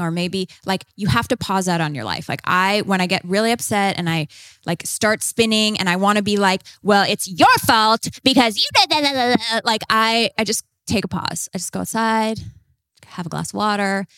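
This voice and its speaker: A woman's voice: mid-range voice, steady tone, moderate pace, a bit bright, no echo. A woman guest on a podcast interview, talking casually with lots of "like" fillers and acting out quoted lines. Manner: chatty, many "like" fillers, acts out quoted lines.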